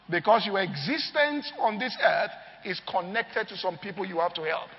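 A man's voice: high-pitched, lively intonation, moderate pace, soft background music. A man preaching a sermon, telling stories with energy and often asking the crowd if they follow him. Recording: long hall reverb, dull lo-fi sound.

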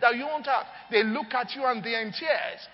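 A man's voice: very high-pitched, moderate pace. A man preaching a sermon, telling stories with energy and often asking the crowd if they follow him. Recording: long hall reverb, dull lo-fi sound.

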